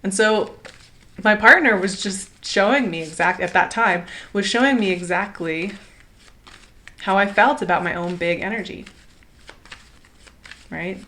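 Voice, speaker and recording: A woman's voice: medium pitch, measured pace, pauses often. A woman giving a casual, encouraging tarot reading, chatty and enthusiastic, often laughing and asking "right?". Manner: chatty, warm and encouraging, many "like" and "right?" fillers. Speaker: tarot reader.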